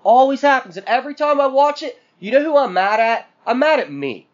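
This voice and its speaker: A man's voice: very high voice, expressive, fairly quick, lo-fi sound. A man co-hosting a podcast, venting in a profane, exasperated rant full of sarcastic mock quotes. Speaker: podcast co-host.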